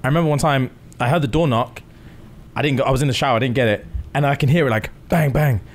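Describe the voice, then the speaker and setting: A man, co-hosting a podcast and telling stories in casual, animated chat. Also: medium pitch, rapid-fire. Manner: animated storytelling with swearing. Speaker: podcast co-host.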